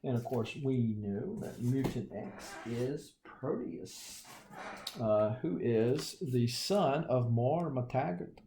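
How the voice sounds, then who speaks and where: A man's voice: mid-range voice, takes it slowly, dark tone, a little hiss or hum. A man with a Southern US accent, casually showing his comic collection with folksy, joking asides. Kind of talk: casual show-and-tell.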